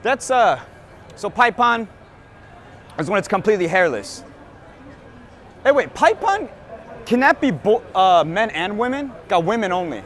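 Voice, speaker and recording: A man's voice: high voice, sing-song, measured pace, long pauses, fairly bright tone. Brash hungover man joking on a street. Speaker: podcast host. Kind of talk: crude casual comedy chat. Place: city street at night. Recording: outdoor street with faint traffic.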